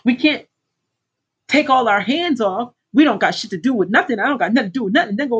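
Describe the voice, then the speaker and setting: Middle-aged woman, blunt livestream coach, preachy and profane, husky voice, dull lo-fi sound. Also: a little high, expressive, fast talker. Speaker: life coach hosting a livestream. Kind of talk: casual livestream pep talk.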